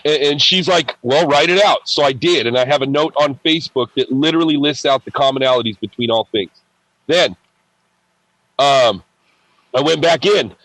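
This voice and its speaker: An excitable man speaks as a podcast guest, recounting a personal spiritual story and acting out its conversations. He stumbles and restarts often. His voice sits at a middle pitch, recorded close and dry with no room echo. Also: normal speed. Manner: repeats words and restarts often.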